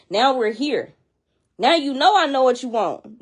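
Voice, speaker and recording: A woman's voice: a little high, very animated, brisk. A woman casually explaining to viewers why children act out, talking chattily and emphatically and checking in with her listeners as she goes. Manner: chatty and emphatic, repeats and restarts while explaining; addresses listeners directly, checking in with "okay?" and "you know what I'm saying?". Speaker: child behavior educator.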